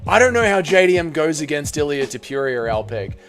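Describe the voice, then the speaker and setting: Aussie streamer, man, slightly high voice, animated chat host, casual and a bit sweary, faint music behind. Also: a little fast. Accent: Australian.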